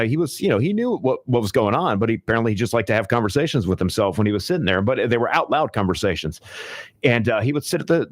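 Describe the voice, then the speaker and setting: Chatty talk radio host, low voice, dry studio sound. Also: male voice, no room sound. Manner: chatty, animated, many fillers. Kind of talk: casual storytelling on talk radio. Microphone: studio microphone.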